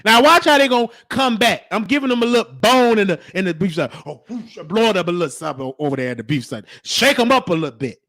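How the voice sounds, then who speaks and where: A man's voice: sits high, lively intonation, quick pace, hardly any pauses, a bit bright. A man hosting a casual reaction commentary, teasing and preachy, stretching out words like "honey". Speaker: show host.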